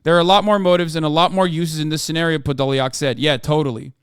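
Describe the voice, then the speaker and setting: A man with a fairly high, smooth, resonant voice rants through the news on a livestream, reading articles fast and then cutting in with sarcastic, profane asides. The sound is close and dry, with no room around it. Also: no room sound. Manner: sarcastic, profane, heated ranting; reads articles aloud quickly, then breaks off to comment. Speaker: streamer reacting to news.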